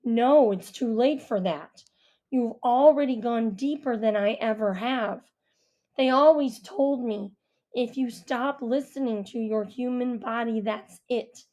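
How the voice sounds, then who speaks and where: A woman voicing a brooding, guarded young man who speaks low, slow and subdued in an audiobook. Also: warm tone, close to an everyday voice. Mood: grave.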